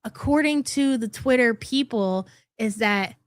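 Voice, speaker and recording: A woman's voice: a little high, measured pace, no room sound, studio quality. A woman hosting a casual livestream, gossiping and thanking viewers for super chats. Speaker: livestream host. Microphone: desk microphone.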